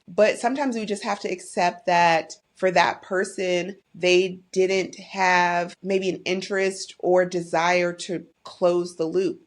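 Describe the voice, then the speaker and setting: A woman's voice: fairly low pitch, steady tone, slow, few pauses. A middle-aged woman hosting a podcast, talking candidly and from the heart about her own life. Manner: candid and heartfelt, faith-tinged, openly emotional. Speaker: podcast host. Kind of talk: personal monologue.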